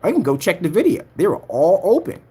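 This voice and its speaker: Man, husky, raised pitch, swinging intonation, ranting vlog, taunting, repetitive. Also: huge pitch swings, fast, dark tone. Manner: taunting, repeats himself, talks straight at a rival. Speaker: projector screen maker vlogger. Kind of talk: heated ranting vlog commentary.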